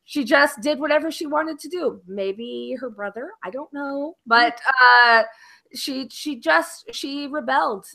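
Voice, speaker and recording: A woman with a high, bright voice chatting excitedly in a casual book club talk from home. She laughs often and cuts in over the others. The sound is a video call. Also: measured pace, gravelly. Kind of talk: casual group chat.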